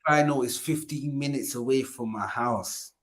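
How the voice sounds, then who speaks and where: A man's voice: medium pitch, normal speed. A man co-hosting a casual live stream about football. He jokes, laughs a lot, repeats phrases and urges viewers to like and subscribe. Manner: hypes viewers and asks them to like and subscribe. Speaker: co-host of a fan channel stream.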